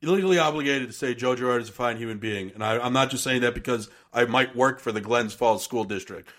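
A man's voice: mid-range voice, fast talker, fairly bright tone. A man co-hosting a sports podcast, talking in a ranting, sarcastic, profane way. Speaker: podcast co-host. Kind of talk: casual sports chat.

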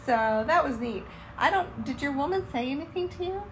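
A bubbly woman from North Carolina recounts her trip in an easygoing podcast chat. Her voice sits a little high, and she laughs often and acts out what people said. A faint hum of room sound sits underneath. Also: a little fast. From Charlotte, North Carolina, USA. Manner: animated storyteller, acts out quotes, laughs often. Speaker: podcast co-host. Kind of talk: casual travel recap chat.

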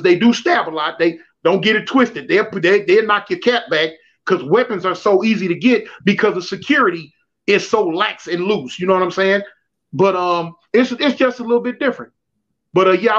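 A man telling prison stories in slangy, repetitive street talk on a livestream call. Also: sits high. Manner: slangy, repetitive, animated storytelling. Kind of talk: casual livestream storytelling. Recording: dull lo-fi livestream audio.

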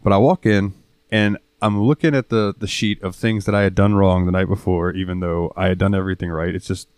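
A young man with a very low voice, chatting on a podcast and laughing often. He tells his stories loosely, swearing as he goes. The sound is dry and close, with no room echo. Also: steady tone, fairly quick, darkish tone, smooth. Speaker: podcast co-host. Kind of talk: casual chat.

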